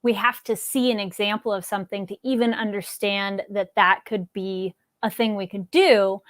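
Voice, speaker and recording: A woman's voice: medium pitch, steady tone, moderate pace, dry recording, studio quality. A woman hosting a talk show, asking interview questions in an attentive, conversational way.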